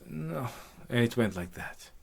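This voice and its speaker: A man's voice: on the low side, expressive, a little slow. A man improvising a rambling, profane comic retelling of a myth, with jokey asides. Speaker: comic storyteller.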